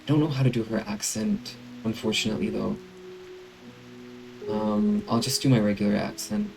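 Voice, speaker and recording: A man's voice: lowish voice, very animated, normal speed, vocal fry, over music, rough recording. A man streaming a game, chatting casually and enthusiastically with lots of fillers.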